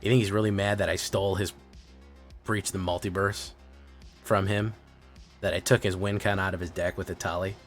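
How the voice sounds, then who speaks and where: Male streamer, low register, playful and teasing, chatty game commentary over soft music. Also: level tone, moderate pace, long pauses. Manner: playful, teasing, talks to viewers. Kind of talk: casual gameplay commentary to chat.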